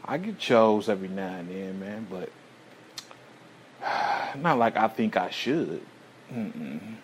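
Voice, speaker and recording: A man's voice: on the low side, sing-song, a little hiss or hum. A man hosting his own show, telling a rambling personal story full of slang and swearing, sighing between thoughts. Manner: loose, slang-heavy, swearing constantly, drawn-out sighs. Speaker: show host. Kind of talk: profane storytelling monologue.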